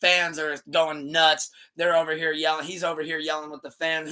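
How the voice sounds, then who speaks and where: Bright-voiced man casually chatting. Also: a little high, moderate pace, smooth. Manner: loose, rambling, swears freely; animated retelling with acted-out quotes. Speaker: podcast host. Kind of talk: casual chat.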